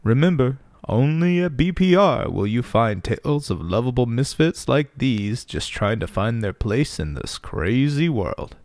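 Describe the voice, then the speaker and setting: A man's voice: medium pitch, sing-song, a little slow, few pauses, darkish tone, dry recording, studio quality. A man doing a pompous TV show host. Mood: grand. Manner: announcer-like, formal. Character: smooth, pompous male TV documentary host.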